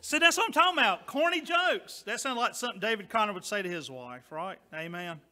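A man preaching a sermon as pastor, loud and emphatic, dropping now and then to quieter asides. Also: high-pitched, expressive, fairly quick.

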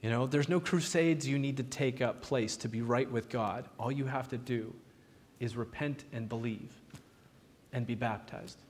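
A man preaching a sermon, retelling Bible stories with lively, animated delivery and quoting the figures in his own voice. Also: mid-range voice, normal speed, slight background noise. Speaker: pastor. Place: church sanctuary. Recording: long hall reverb in a church.

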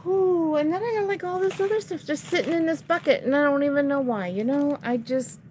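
A woman's voice: high-pitched, fairly quick, darkish tone, a little hiss or hum. A woman chatting casually to viewers at home while showing resale items, easily frustrated, sighing and grumbling at her camera.

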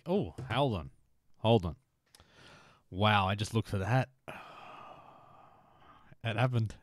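Recorded clean in a studio with no room sound, a man with a fairly low voice takes his time, leaving long pauses. He's casually chatting on a motorbike-game stream, teasing viewers and sometimes whispering.

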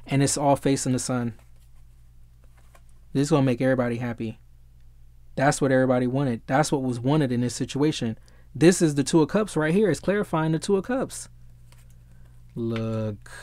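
A man giving a casual tarot reading who gets excitable, swears freely and often searches for the right word. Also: mid-range voice, normal speed, pauses often, no echo. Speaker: tarot reader.

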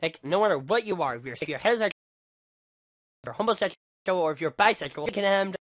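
A fast-talking vlogger with a high-pitched, fairly bright voice and lively intonation unleashes an angry rant at the camera, full of swearing and stammered restarts. The recording is dry and of studio quality.

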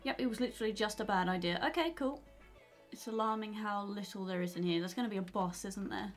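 A woman's voice: medium pitch, fast talker, faint music behind. A young woman playfully commenting while playing a video game and reading its lines aloud. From outside the United States. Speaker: gaming YouTuber. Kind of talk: let's play commentary.

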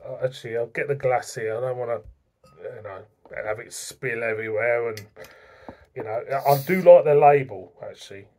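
A man's voice: mid-range voice, moderate pace, darkish tone. A man reviewing beer in a chatty, self-mocking way, stumbling over foreign names. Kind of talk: casual beer review vlog.

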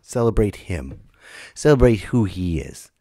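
Lively low-voiced man, animated comic storyteller. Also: measured pace, dry recording. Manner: animated storyteller, bursts into loud high put-on voices. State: recovering from being sick. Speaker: comedian and podcast host. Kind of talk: comedic podcast monologue.

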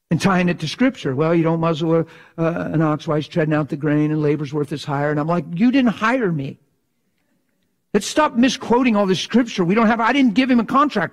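A middle-aged man preaching a sermon in a passionate, animated way, sometimes acting out voices for effect. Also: fairly high pitch.

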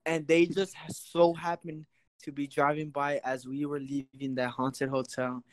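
A man's voice: on the high side, level tone, a little slow, smooth, dry recording, low-quality recording. A man, a guest on an interview show, earnestly adding details to his friend's story in casual talk. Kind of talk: casual chat.

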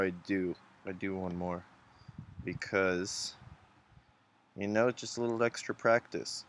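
A man's voice: on the low side, fairly even intonation, unhurried, slight background noise. A man hosting a casual drawing tutorial, chatty and encouraging, thinking aloud as he sketches. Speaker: art tutorial host.

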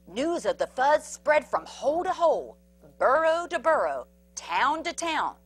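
A woman storyteller reading a picture book aloud to children, animated, with sound effects and asides about the pictures. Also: sits high, unhurried, dry recording, soft background music.

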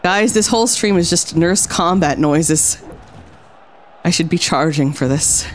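Woman streamer hamming it up over a wrestling game, pitch all over the place, unhurried, faint music behind. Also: very animated, a little hiss or hum. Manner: playful, theatrical, lots of exclamations and laughs. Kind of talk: casual game commentary.

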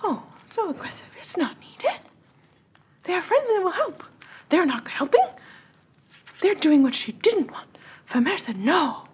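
Woman voicing a soft, fretful pixie. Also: extremely high pitch, sing-song, measured pace, long pauses, voice pushed up, heavily acted. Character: gentle pacifist female pixie, fretful and soft.

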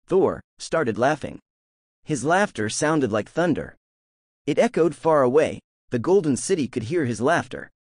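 A man narrating a fan-made audiobook of a fantasy web novel with expressive storytelling. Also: mid-range voice, dry recording, studio quality.

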